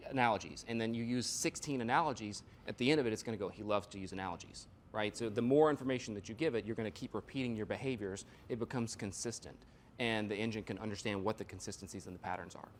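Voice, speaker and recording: A man's voice: on the low side, slight background noise. A man presenting a live workshop, explaining ideas through examples and analogies and checking in with "right?" and "you know". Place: workshop room.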